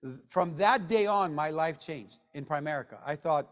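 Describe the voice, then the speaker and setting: A man giving a motivational sales training talk to a room of people, joking, and swinging between low mutters and loud bursts. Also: normal speed. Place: meeting room with an audience. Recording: long hall reverb.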